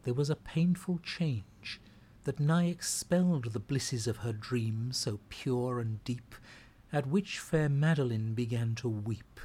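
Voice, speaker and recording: A man reading poetry aloud, measured and expressive, sometimes softening to a whisper. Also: mid-range voice. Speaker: reader.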